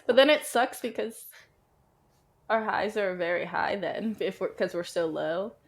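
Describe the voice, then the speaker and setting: A woman's voice: medium pitch, unhurried. A woman in her twenties co-hosting a podcast, chatting candidly and rambling, with casual swearing. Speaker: podcast co-host. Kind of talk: casual chat. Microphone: remote call.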